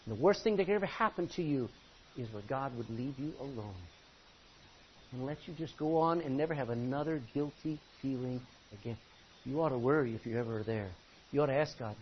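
A male pastor preaching a sermon from the front of a church, impassioned, swinging from loud pleading to low intensity. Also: expressive, moderate pace. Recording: dull lo-fi recording with faint hiss.

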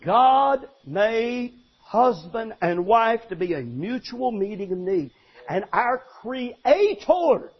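An older man, a longtime pastor, preaching an animated sermon with emphatic restarts and sudden shouts. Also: high voice, slightly rough, dull audio.

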